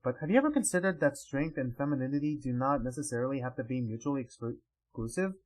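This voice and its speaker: A man voicing a composed female ruler who speaks in a measured, formal way. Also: medium pitch, expressive, voice pushed down, natural voice, rough recording. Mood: gracious.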